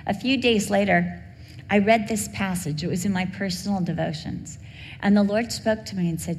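A woman's voice: medium pitch, normal speed, a little mellow. A middle-aged woman preacher telling a heartfelt personal story in a sermon. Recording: long hall reverb, faint background hum.

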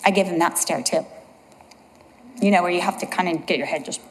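Woman preaching in a reverberant hall. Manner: earnest storytelling, slows and drops low for emphasis. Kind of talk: sermon.

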